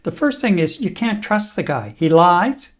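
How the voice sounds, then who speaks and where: A man's voice: sits high, sing-song, moderate pace. A man hosting a talk show, chatting wryly and reading out listener comments. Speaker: host.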